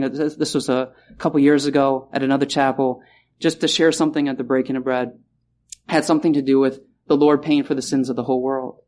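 Man, preacher, sermon, slightly higher voice, emphatic, repeats phrases, slows for emphasis. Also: a little mellow.

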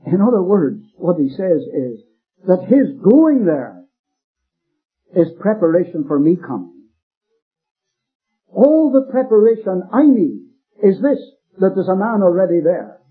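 Male preacher, rough husky voice, swooping animated delivery, lo-fi phone-quality recording. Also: sits high, a little slow, long pauses. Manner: emphatic, repeats key phrases, rising stress. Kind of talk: expository sermon. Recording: phone-like lo-fi recording with faint music.

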